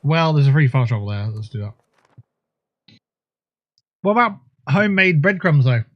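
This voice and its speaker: A man's voice: a little high, big pitch swings, moderate pace, muffled recording. Crude, jokey man, raised voice. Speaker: livestream host. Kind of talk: casual gaming livestream chat.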